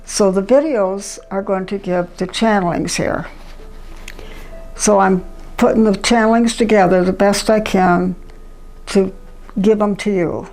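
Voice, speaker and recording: A woman hosting a channeling video, excitedly retelling a conversation and gushing about it. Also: mid-range voice, measured pace, long pauses, faint music behind, rough recording.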